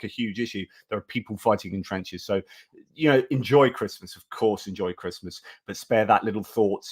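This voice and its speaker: Chatty British man hosting a live stream. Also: on the low side. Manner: chatty, thanks viewers warmly, rambling asides. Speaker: host of a live chat stream. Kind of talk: casual live chat.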